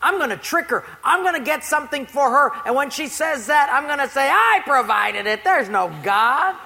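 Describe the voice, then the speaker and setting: A man voicing an angry atheist woman neighbor who yells and mocks, heard with long hall reverb. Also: very high voice, expressive, normal speed, gravelly, voice pushed up, exaggerated voice. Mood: scheming. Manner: yelling, mocking.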